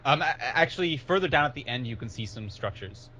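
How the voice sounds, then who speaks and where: A man's voice: medium pitch, expressive, fast, pushed and bright, a little hiss or hum. A man narrating as game master in a tabletop game over a voice call, with many hesitations and restarts. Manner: hesitant, full of fillers and restarts. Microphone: online voice call.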